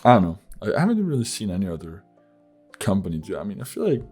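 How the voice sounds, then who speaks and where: A man's voice: sits low, huge pitch swings, quick pace, over music. A man hosting a casual podcast who rambles profanely, packing his talk with "like" and breaking into laughs. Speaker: podcast host.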